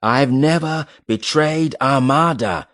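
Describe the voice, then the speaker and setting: A man's voice: on the high side, expressive, moderate pace, vocal fry, no echo, studio quality, voice pushed up. A man reading an audiobook voices a grief-shattered sailor who screams and pleads in a breaking voice. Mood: hysterical. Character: grief-shattered man, half mad with shock. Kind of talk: audiobook character voice.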